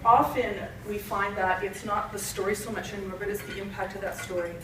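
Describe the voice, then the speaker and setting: A woman's voice: medium pitch, fairly even intonation, brisk, background noise. Conversational woman speaker in an echoey hall. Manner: conversational, joke-telling. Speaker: retreat speaker. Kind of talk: talk to an audience. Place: retreat hall. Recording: echoey hall, distant mic.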